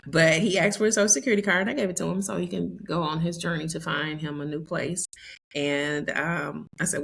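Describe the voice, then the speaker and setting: A woman's voice: sits low, steady tone, fairly quick, creaky, a bit bright, husky. A woman, hosting a podcast and telling a candid, emotional personal story with quoted dialogue. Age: 50s. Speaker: podcast host.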